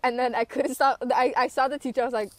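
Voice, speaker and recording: An eighteen-year-old woman chatting with friends on a podcast. Her voice sits a little high, and she talks loudly and swears freely as she tells stories. Her manner is brash and unfiltered. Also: fairly even intonation, fast, slight background noise. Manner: loud, swearing, laughing storyteller. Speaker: podcast co-host. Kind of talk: casual chat. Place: room with friends.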